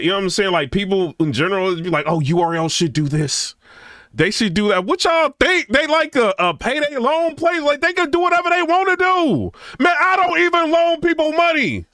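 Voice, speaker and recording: A middle-aged man gives casual reaction commentary. His voice sits high and swings widely in pitch, with a bright, sharp edge. The recording is dry and close. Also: dry recording. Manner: animated, chatty, repeats "you know what I'm saying".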